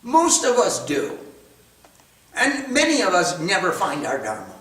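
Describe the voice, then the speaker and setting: High-voiced man teaching, echoey room. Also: huge pitch swings, a little slow, a bit bright. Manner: storytelling, emphatic, repetitive. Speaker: spiritual teacher. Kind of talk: spiritual class lecture with questions. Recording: echoey room, far from mic.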